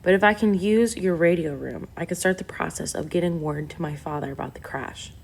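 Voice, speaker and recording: A helpful teenage boy from a storybook, read by a woman. He speaks matter-of-factly in a low, gravelly voice. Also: a little fast. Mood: earnest.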